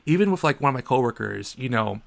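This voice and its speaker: A man in his thirties co-hosting a casual podcast, an animated storyteller who acts out the people in his stories. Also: mid-range voice, quick pace, creaky. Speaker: podcast co-host.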